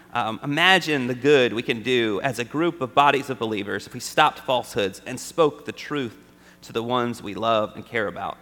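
A man with a fairly high, bright and forceful voice gives a chatty, conversational sermon, often asking his listeners "right?". His words ring out with a long reverb through a large church hall. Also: moderate pace. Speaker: preacher.

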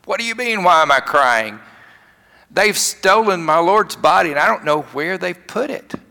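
A man's voice: high voice, lively intonation, normal speed, vocal fry, sharp tone, big-room sound, voice pushed up, heavily acted. A man with a Southern US accent voicing a grieving, distraught young woman who pleads indignantly.

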